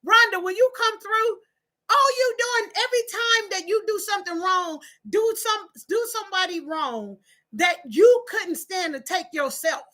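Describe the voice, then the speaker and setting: A woman hosts a live-streamed advice talk. Her voice is high and bright. She preaches emphatically to viewers and circles back over her points. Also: unhurried. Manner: emphatic and preachy, with repeated phrases. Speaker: host of a relationship talk channel.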